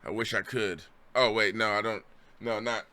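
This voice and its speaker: A man's voice: lowish voice, steady tone, moderate pace, bright, forceful tone, clear, resonant tone. A man streaming his reactions to a video, ranting profanely and sounding exasperated. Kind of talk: live stream commentary.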